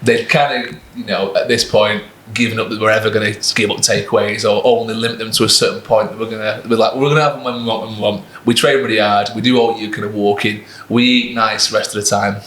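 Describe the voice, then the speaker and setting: A man's voice: fairly low pitch, little pitch movement, brisk, few pauses, fairly bright tone, echoey room, slight background noise, rough recording. A man who is a fitness coach and podcast co-host, telling stories in casual chat and laughing often. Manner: chatty storyteller, laughs often.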